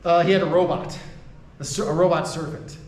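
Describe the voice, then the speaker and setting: An American man lectures university faculty in a conversational style, often asking "right?", restarting sentences, and laughing between points. His voice is a little high, steady, brisk and darkish, heard from a distance in an echoey lecture room with slight background noise.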